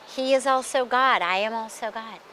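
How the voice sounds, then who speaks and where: A woman's voice: fairly high pitch, moderate pace, bright, forceful tone, slight background noise. A woman voicing a proud, stubborn young male disciple who talks in a self-assured, indignant way.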